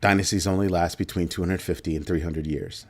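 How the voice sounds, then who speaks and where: A man with a somewhat low voice hosts a livestream commentary. He talks emphatically, hammering his points by repeating key phrases. He breaks off now and then to answer viewer comments. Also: steady tone, brisk, a little mellow. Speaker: show host.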